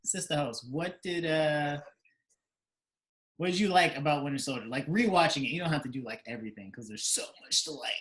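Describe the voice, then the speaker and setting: A man's voice: on the high side, a little fast, a bit bright. A man co-hosting a casual chat podcast over a remote video call, joking and bantering. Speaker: podcast co-host.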